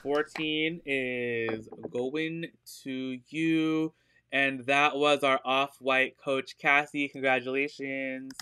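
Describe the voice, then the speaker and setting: A man's voice: medium pitch, steady tone, takes it slowly, noisy background. A man hosting a live online sale of secondhand designer purses, chatting casually with fillers, giggling often and gushing about the bags. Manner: upbeat and gushing. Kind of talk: casual live-stream sales chat.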